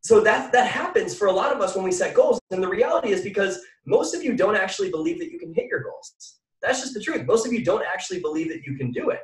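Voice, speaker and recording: A man giving a motivational talk to an audience, energetic and often asking the listeners questions. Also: high-pitched, fast talker, few pauses. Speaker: mindset speaker. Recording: echoey room from far off.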